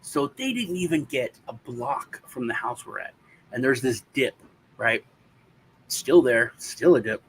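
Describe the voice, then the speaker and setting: A man's voice: mid-range voice, a little slow, a little hiss or hum. A man casually telling a long personal story, swearing now and then and acting out the voices of the people in it. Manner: animated, acts out the voices of people in his story. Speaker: co-host.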